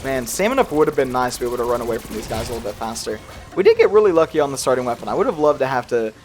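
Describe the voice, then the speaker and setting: A man's voice: mid-range voice, animated, rapid-fire, a little mellow, soft background music. A young man with a slight accent he tries to hide, giving casual gameplay commentary in a rambling, self-deprecating way with frequent laughs. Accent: slight regional accent he tries to hide. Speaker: gaming youtuber.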